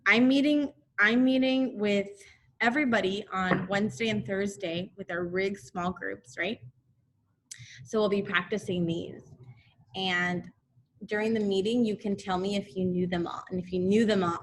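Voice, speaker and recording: A woman teaching a recorded phonics lesson to second graders, repeating letter sounds slowly so the children can echo her, with frequent encouraging check-ins. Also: medium pitch, fairly bright tone, a little hiss or hum. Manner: encouraging, checks in often with "okay?".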